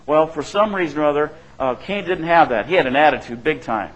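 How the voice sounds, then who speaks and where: A man's voice: fairly high pitch, brisk, dull audio. A middle-aged male pastor preaching in a loose, conversational way, often checking in with the room and acting out quotes. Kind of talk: sermon.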